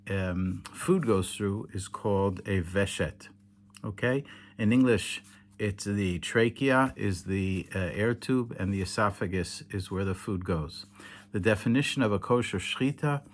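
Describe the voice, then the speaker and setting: A tired man explains a hands-on demonstration late at night, patient and halting, with many fillers and self-corrections. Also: fairly low pitch, a little hiss or hum. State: tired, yawning. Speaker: teacher demonstrating kosher slaughter. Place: home indoors in Israel, at night.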